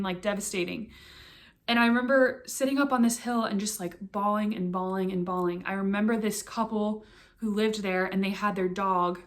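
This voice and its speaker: A young woman vlogger telling a personal story to camera in an earnest, halting way, with many fillers and restarts. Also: medium pitch.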